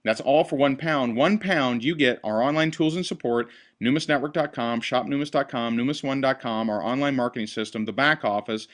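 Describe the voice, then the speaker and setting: A man hosting a sales presentation on a call, talking in an upbeat, enthusiastic pitching manner. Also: a little fast, hardly any pauses. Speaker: host.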